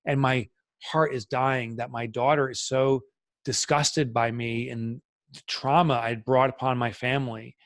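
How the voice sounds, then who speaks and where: A man's voice: mid-range voice, dry recording. A middle-aged man, a podcast guest, telling a candid personal story in an earnest, reflective way with many fillers.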